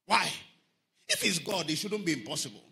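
Preacher guy, high voice, really bright, goes singsong when he preaches. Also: normal speed, gravelly. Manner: animated preaching, sing-song emphasis, asks the congregation questions. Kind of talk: sermon.

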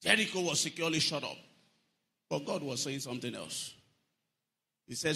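A man preaching a lively sermon, often lifting his voice into a sing-song and asking the congregation whether they are following. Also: a little high, moderate pace, creaky, pauses often. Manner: animated preaching, sing-song emphasis, asks the congregation questions.

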